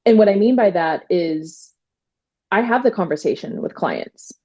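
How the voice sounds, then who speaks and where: A woman attorney telling stories in a casual interview, animated, quoting herself and using many fillers. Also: lowish voice, normal speed, dull audio. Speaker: trademark attorney guest.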